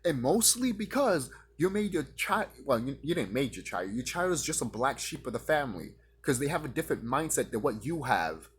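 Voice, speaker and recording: A man delivering a profane, confrontational rant straight at his audience, now and then mocking his critics in a higher voice. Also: very animated, a little fast, few pauses, husky. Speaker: vlogger ranting to camera.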